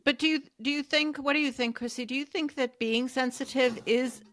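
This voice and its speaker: A woman co-hosting a podcast, asking questions in a thoughtful, halting way as she searches for words. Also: high-pitched, fairly even intonation, fairly bright tone. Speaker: podcast co-host. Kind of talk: casual podcast conversation.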